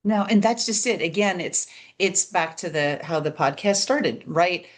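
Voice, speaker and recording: A woman's voice: lowish voice, measured pace. A woman hosting a business podcast, chatty and often checking in with her guest. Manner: chatty, tags statements with "right?". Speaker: podcast host. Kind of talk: conversational interview.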